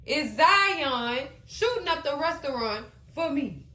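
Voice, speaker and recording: Woman, high voice, bright tone, casual animated recap, roomy echo. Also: slow pace. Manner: animated, exclaiming and laughing between comments. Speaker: TV recap host.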